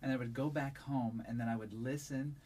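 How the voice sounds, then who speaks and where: Male narrator, resonant mid-pitched voice, easygoing interview answers, faint noise behind. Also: a little fast. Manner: relaxed, thoughtful, with frequent fillers. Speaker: audiobook narrator. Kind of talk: conversational interview.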